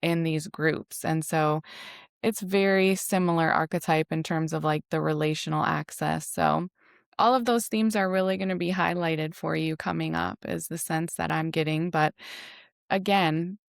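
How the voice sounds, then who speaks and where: A woman's voice: deep voice, steady tone, normal speed, gravelly, clear, resonant tone, no echo, clean studio sound. A woman astrologer explaining ideas in a flowing, reflective way, with frequent "you know" and "right" in casual podcast talk. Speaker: astrologer guest.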